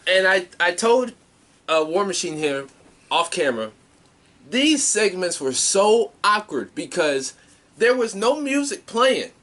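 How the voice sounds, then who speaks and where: A man's voice: high-pitched, sing-song, a little slow, a bit bright. A man co-hosting a podcast, chatting casually through a wrestling recap and swearing now and then. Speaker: podcast co-host.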